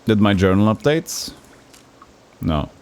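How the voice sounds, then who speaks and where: A man's voice: on the low side, big pitch swings, takes it slowly, a little hiss or hum. A man casually commenting while streaming an old role-playing game, rambling and joking. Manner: rambling, joking, mimics characters.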